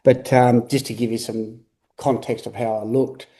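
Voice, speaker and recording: Earnest man telling his story, mellow voice. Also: medium pitch, level tone. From Australia. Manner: earnest, repetitive, halting restarts. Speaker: guest. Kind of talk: candid interview talk.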